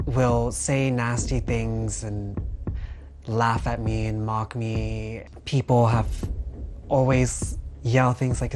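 Person talking slow and reflective in an interview, mid pitch, music underneath. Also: level tone.

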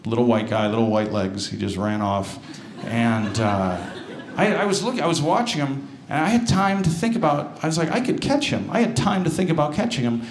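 American stand-up comic on a roomy stage. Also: male voice, fairly quick. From United States. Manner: self-deprecating, animated storytelling with jumps up in pitch. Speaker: stand-up comedian. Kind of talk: stand-up comedy set. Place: comedy stage with live audience. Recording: roomy stage sound, audience noise.

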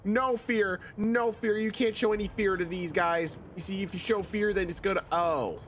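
A young man streaming a horror game, joking and reacting loudly. He swings between mumbled asides and excited shouts. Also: high-pitched, a little fast, noisy background. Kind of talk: energetic gaming commentary.

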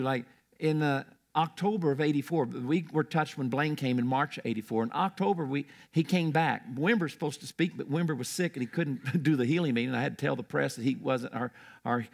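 Older male preacher with a gravelly voice, storytelling sermon style, prone to restarts. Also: medium pitch, moderate pace. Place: church.

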